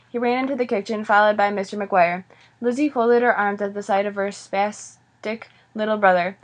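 A woman reading a children's novel aloud in a plain, steady voice. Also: mid-range voice, normal speed. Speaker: audiobook reader. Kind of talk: storybook read-aloud.

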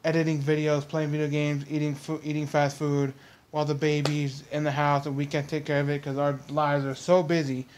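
A man's voice: on the high side, flat delivery, a little fast, a little mellow, a little hiss or hum, natural voice. A man mimicking a lazy young male YouTuber who rattles off whiny excuses.

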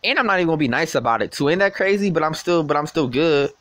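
Talking fast and expressively, this young male vlogger has a slightly high, fairly bright voice. On a casual phone call, he mocks and curses, frequently stammering and repeating himself.

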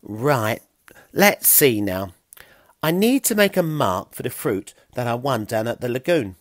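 A man's voice: medium pitch, big pitch swings, a little slow, dry recording, studio quality. A man voicing a clever, cheeky Stone Age boy who chatters in a self-satisfied way. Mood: chatty.

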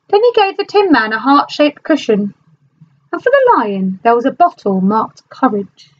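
A woman teacher reads a storybook aloud to her class with an animated storyteller's delivery. Her fairly high voice moves through a wide, lively range. The sound is dull and lo-fi, like a home recording. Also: moderate pace.

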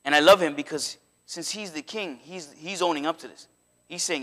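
A man with a high, bright voice preaches a sermon in church. He talks conversationally and gets animated, often slipping into little acted quotes. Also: fairly quick. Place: church sanctuary.

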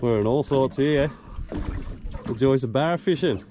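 A man's voice: medium pitch, moderate pace. An Australian man narrating a fishing trip from a small boat on a lake, casual and encouraging to his mate, swearing now and then. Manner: laid-back, encouraging, swears, calls his mate mate and bruz. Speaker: fishing vlogger and boat skipper. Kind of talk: excited casual commentary while fishing. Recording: outdoor recording with clear background noise.

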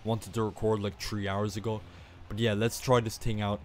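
A young man, a gaming channel host, giving casual gameplay commentary, excitable and self-mocking, often breaking into exclamations. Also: on the low side, normal speed, a little hiss or hum. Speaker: gaming YouTuber.

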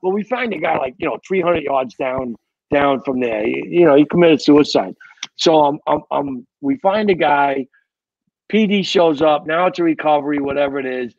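Gravelly New man telling old stories. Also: a little high, moderate pace, darkish tone, no echo, highs cut off. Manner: rambling, repeats words, tells war stories. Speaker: guest, retired fire captain. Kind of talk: casual storytelling.

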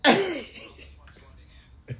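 Slow-talking woman streamer, giggly and profane. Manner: laughs often, swears freely, teasing and loud. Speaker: live-stream host. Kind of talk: casual live-stream chat reacting to viewers.

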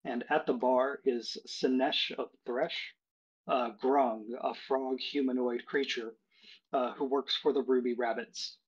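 A man's voice: medium pitch, fairly even intonation, unhurried, husky, lo-fi sound. A man running a tabletop game as game master, explaining the setting with many fillers.

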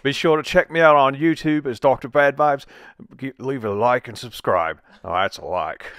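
A man's voice: mid-range voice, moderate pace, a bit bright, clear, resonant tone, dry recording, studio quality, lightly acted. A man doing a playful, exaggerated mock Australian goodbye. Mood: goofy. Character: jokey mock Australian bloke saying goodbye.

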